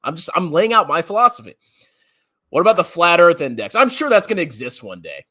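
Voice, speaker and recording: A man's voice: fairly high pitch, very animated, a little fast, pushed and bright. A man ranting as a finance commentator on a livestream, mocking and laughing often while answering chat questions.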